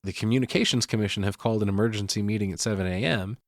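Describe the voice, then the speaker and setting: A man's voice: lowish voice, very fast, no room sound, clean studio sound. A man hosting a podcast, recapping a horror film in casual, profane chat and laughing often. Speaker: podcast host.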